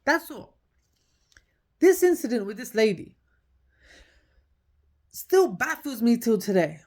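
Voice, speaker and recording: A woman's voice: fairly high pitch, big pitch swings, slow pace, a little mellow. A woman, telling her own story in a casual podcast monologue. She talks emphatically, repeats her key points, and acts out the dialogue.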